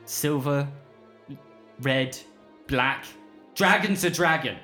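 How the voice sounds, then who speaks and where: A man's voice: fairly high pitch, slow pace, sharp tone, faint music behind. A man playing a blunt, swearing human hunter who threatens strangers. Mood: hostile. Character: gruff hostile human hunter, father a shepherd.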